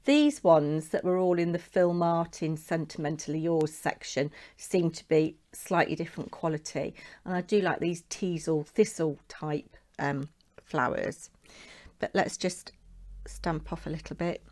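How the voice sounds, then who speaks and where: Woman host, lowish voice, casual self-chatting craft tutorial. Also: unhurried, a little mellow. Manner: chatty, talks to herself while working.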